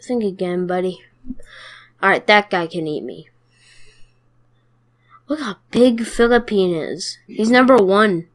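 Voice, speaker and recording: A woman's voice: mid-range voice, lively intonation, takes it slowly, pauses often. Chatty woman trash-talking during gameplay. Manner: chatty, playful trash-talk at opponents. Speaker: gamer. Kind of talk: let's play commentary.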